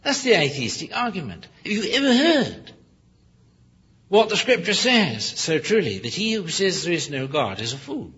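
Very husky, lively preacher man. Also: high-pitched, moderate pace. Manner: emphatic, full of rhetorical questions; apologetic self-corrections. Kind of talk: sermon. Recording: dull lo-fi recording.

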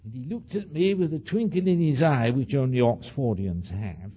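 An older man with an accent of his own, telling a story to an audience as an animated lecture with frequent asides. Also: medium pitch, moderate pace, husky, highs cut off. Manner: says he speaks with an accent. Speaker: speaker addressing an audience. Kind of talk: anecdotal lecture.

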